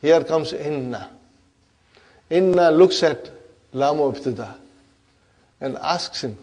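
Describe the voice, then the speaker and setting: A man's voice: fairly high pitch, lively intonation, slow, long pauses, darkish tone. A man whose first language is Urdu teaches an Arabic grammar lesson, questioning the class and checking in often. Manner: keeps checking in with "huh?" and asks the class questions.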